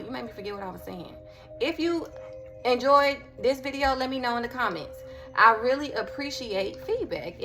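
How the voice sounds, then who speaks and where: A woman giving a casual devotional talk, sassy and animated, breaking off to talk to her dog. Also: on the high side. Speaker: faith vlogger.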